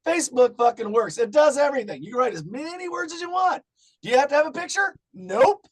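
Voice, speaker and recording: A middle-aged man in casual chat as a podcast guest, swearing often and breaking into loud rants. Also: very high voice, big pitch swings, quick pace. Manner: profane, ranting, loud bursts.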